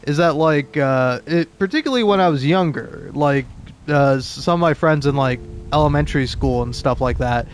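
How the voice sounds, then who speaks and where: A man's voice: on the high side, moderate pace, slight background noise. A young man in his twenties with an East Coast American accent, rambling and cursing through casual gameplay commentary full of restarts. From southeastern United States. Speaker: let's play host.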